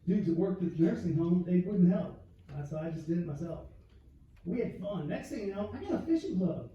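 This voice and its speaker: A man's voice: high-pitched, expressive, a little fast, warm tone, dull audio, a little hiss or hum. Guy doing rowdy standup, crude, laughs at his own stuff, far off in an echoey club. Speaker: stand-up comedian. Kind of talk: stand-up storytelling. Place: live comedy club. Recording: echoey club heard from afar.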